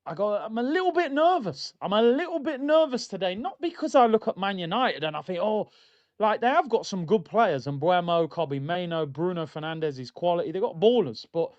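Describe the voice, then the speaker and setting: Chatty opinionated football fan streamer. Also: male voice, sits high, animated, brisk, few pauses, lo-fi sound. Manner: chatty, opinionated, slangy, calls the audience "people". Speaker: host of a football watchalong stream. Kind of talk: casual fan chat.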